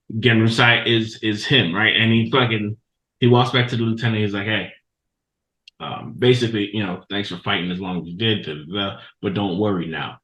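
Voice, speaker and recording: A man hosting a podcast, recapping a show in a loose, profane, animated storytelling way. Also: fairly low pitch. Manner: profane, animated storytelling with laughs and quoted voices. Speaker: podcast host. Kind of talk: casual recap of an anime episode. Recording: echoey room.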